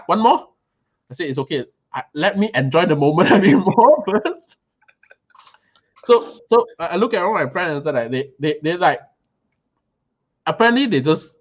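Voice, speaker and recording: Excited man telling a food story. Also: medium pitch, lo-fi sound. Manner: animated, excited, restarts and repeats words. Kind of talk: casual storytelling chat.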